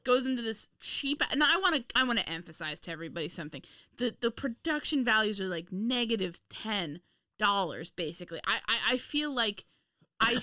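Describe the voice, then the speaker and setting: A woman's voice: on the high side, lively intonation, brisk, sharp tone, no echo, studio quality. A woman co-hosting a podcast, chatting casually and sarcastically, laughing often. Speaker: podcast co-host. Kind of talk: casual comedic chat.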